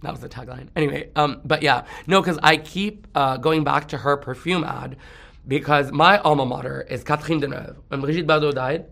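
A man's voice: a little high, a little fast, vocal fry, a bit bright. A man in casual celebrity gossip chat, campy and rambling, laughing often and breaking into song.

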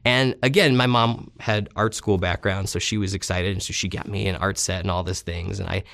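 A man's voice: low-pitched, steady tone, brisk, creaky, a bit bright, no echo. A man in his thirties, an interview guest, telling rambling stories with self-deprecating humor. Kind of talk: casual storytelling interview.

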